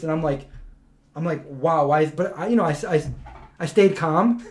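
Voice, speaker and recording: A man with a somewhat high voice hosts a relaxed live-stream chat. He tells long, rambling stories full of restarts and quotes he acts out. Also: normal speed. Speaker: host.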